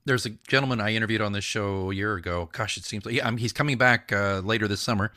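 Bright, animated American podcast host. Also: male voice, on the low side, fast. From United States. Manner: animated, emphatic, laughs easily. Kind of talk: casual interview chat.

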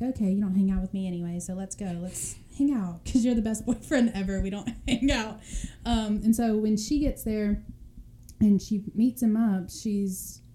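A woman's voice: medium pitch, mellow, a little hiss or hum. A young woman telling a true crime story in casual chat, laughing often and acting out the people in it. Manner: chatty, laughs often, acts out quoted voices.

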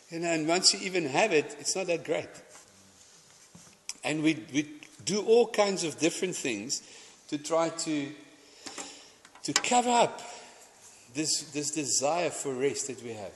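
A man with a voice a little higher than usual gives a sermon. He talks in a relaxed, anecdotal way, stumbling and restarting his phrases. His voice rings with the long reverb of a large hall. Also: measured pace, long pauses. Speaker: preacher.

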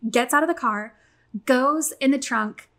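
A young adult woman telling a long story in casual chat, animated and swearing, acting out quotes. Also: high voice, a little slow.

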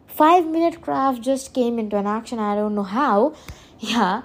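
A woman's voice: fairly high pitch, normal speed. A woman hosting a solo podcast, rambling earnestly, often correcting herself and laughing. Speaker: podcast host. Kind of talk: casual solo podcast monologue.

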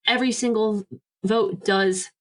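A woman's voice: medium pitch, steady tone, measured pace, low-quality recording. A woman co-hosting a podcast, chatty and upbeat in casual conversation. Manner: upbeat, chatty, asks questions with enthusiasm. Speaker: podcast co-host. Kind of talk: casual chat.

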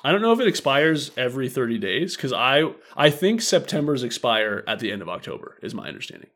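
Animated young man telling a story. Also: medium pitch, quick pace. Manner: storytelling, acts out quotes, laughs often. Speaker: podcast co-host. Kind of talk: casual chat.

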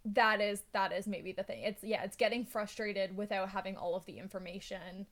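A woman's voice: mid-range voice, fairly even intonation, normal speed, fairly bright tone. Giggly woman podcast co-host. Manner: giggly, self-deprecating, rambling. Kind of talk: casual chat.

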